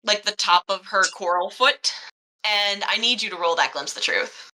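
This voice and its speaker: A woman's voice: mid-range voice, moderate pace, bright, forceful tone, slight background noise, rough recording. A woman running a tabletop game as game master, describing scenes with lots of fillers. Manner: meandering, filler-heavy description.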